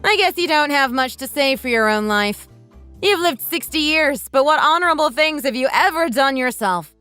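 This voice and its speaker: A woman's voice: sits high, expressive, normal speed, no echo, faint music behind. A woman voicing a sarcastic young wife who talks back bluntly to her mother-in-law in a texting-story drama. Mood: mocking. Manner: sharp, mocking, blunt.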